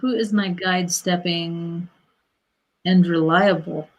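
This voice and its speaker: A woman's voice: on the low side, fairly even intonation, slow. A woman hosting a casual spiritual livestream, pulling cards for viewers and swearing freely. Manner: blunt, swears freely, laughs easily. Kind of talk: casual livestream chat, card reading.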